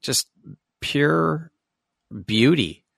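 A man's voice: a little high, animated, extremely slow, creaky, a bit bright, breathy edge, dry recording, studio quality. A man hosting a podcast interview, giving enthusiastic short affirmations and asking questions. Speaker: podcast host.

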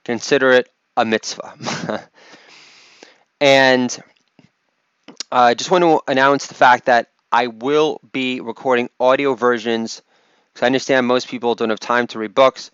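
A man's voice: medium pitch, steady tone, measured pace, long pauses, fairly bright tone, clear, resonant tone, no room sound, lo-fi sound. A man hosting a comedy podcast, delivering mocking, sarcastic jokes and laughing at his own lines. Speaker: podcast host.

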